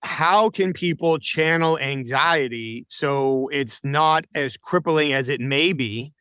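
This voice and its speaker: A podcast host, a man with a slightly high voice, asks his guest questions. He is thoughtful and a little hesitant and often reframes what he means. The recording is close and dry, with no room sound. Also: slow pace, a bit bright, smooth, no echo. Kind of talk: interview questions.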